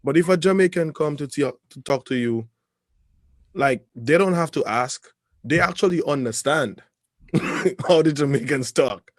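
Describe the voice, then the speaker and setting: Measured man, dry close sound. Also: on the high side, dry recording. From Caribbean. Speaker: podcast co-host. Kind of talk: casual chat.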